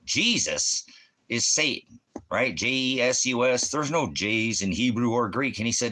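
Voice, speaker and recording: A man's voice: medium pitch, expressive, measured pace, sharp tone. A man preaching in a ranting religious monologue, combative and full of rhetorical questions.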